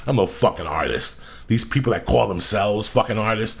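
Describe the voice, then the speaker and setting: A male podcast host telling a profane, blunt, animated story. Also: fairly low pitch, normal speed, creaky, few pauses, husky.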